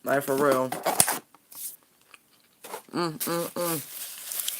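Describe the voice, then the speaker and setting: A woman's voice: low voice, normal speed, fairly bright tone. A woman giving a casual tarot reading, talking bluntly and frankly and laughing often. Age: adult parent. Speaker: tarot reader.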